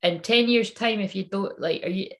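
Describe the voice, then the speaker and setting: A woman's voice: medium pitch, normal speed. A woman giving a psychic reading in a casual, rambling monologue. She swears freely and laughs at her own jokes. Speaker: psychic reader channeling messages.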